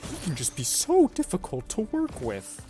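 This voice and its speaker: A man putting on a high, whiny voice for a childish male crewman while reading out his script idea. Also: wildly swooping pitch, moderate pace, dark tone, faint music behind. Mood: sulky.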